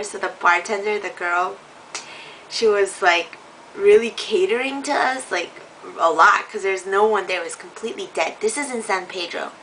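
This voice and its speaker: A woman's voice: medium pitch, recorded from a distance, slight background noise, poor audio. A woman in her twenties telling a story in a casual vlog, giggling often and acting out what people said. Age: 20s. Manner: giggly, animated, acts out quotes. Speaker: vlogger.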